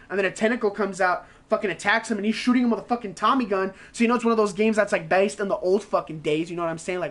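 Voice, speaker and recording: A man streaming games who rants in a casual, rambling way, swearing constantly and acting out his own reactions in quick asides. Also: high-pitched, fairly bright tone. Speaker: game streamer. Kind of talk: casual profane gaming rant.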